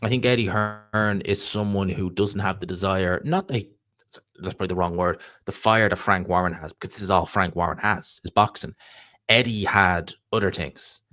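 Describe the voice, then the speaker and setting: A man's voice: low voice, moderate pace, bright, forceful tone, dry recording. An Irish man hosting a live stream, chatting casually and rambling through answers to viewer questions. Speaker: livestream host reading viewer chat.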